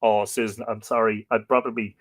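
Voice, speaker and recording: A man from Ireland with an Irish accent hosts a casual live stream, playfully reading out and answering viewer comments. His voice is lowish with little pitch movement and a brisk pace, in a dry recording.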